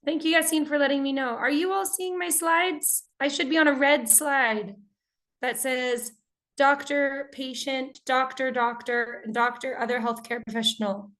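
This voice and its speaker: An American woman leads an online English lesson with a fairly high voice. She talks to her class in a friendly, energetic way and keeps checking in with her students. She is heard through her computer mic on a video call. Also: moderate pace. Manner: friendly, energetic, interactive with chat. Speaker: English teacher.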